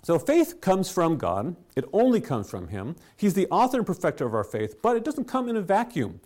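A man preaching a sermon, telling stories with rhetorical questions and soft chuckles. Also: high-pitched, wildly swooping pitch, normal speed. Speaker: pastor.

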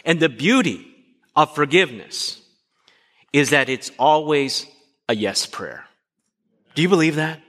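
A pastor whose voice is a little high keeps a measured pace with long pauses as he preaches. Animated, he poses questions to the congregation and enacts brief dialogues, and the sound has a long hall reverb.

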